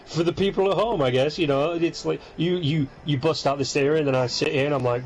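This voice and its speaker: A man co-hosting a casual gaming chat, sleepy and rambling, breaking off mid-sentence to act out quick impressions. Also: a little high, highs cut off. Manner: rambling, self-interrupting, animated impressions. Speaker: podcast co-host.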